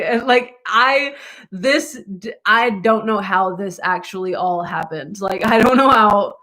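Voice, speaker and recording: A woman's voice: medium pitch, a bit bright. A young woman vlogger telling a rambling story to her viewers with lots of asides and laughter.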